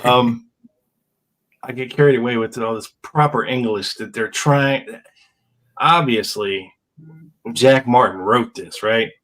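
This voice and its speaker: Male podcast host, 50s, average pitch, casual read-through of court papers with wry asides. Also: takes it slowly, long pauses, fairly bright tone, low-quality recording. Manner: reads old legal papers aloud with wry asides. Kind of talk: casual chat, reading documents aloud.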